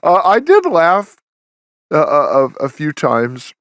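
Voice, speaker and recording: A man with a somewhat high voice talks through a film's plot in a loose, rambling way, full of restarts and fillers. The sound is dry and close, with no room around it. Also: huge pitch swings, slow, no echo. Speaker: podcast host. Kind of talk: casual review chat.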